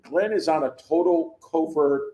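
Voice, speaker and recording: A man's voice: on the high side, moderate pace, dull audio, very noisy. A man in his fifties, a guest on a live sports chat, rambling with wry humor. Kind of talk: casual chat. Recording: echoey remote call audio.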